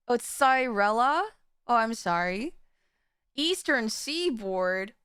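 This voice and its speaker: A woman's voice: a little high, lively intonation, slow pace, a bit bright, clean tone, no echo, clean studio sound. A woman streamer chatting casually with her viewers, rambling, giggling and stumbling over restarts. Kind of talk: casual live-stream chat.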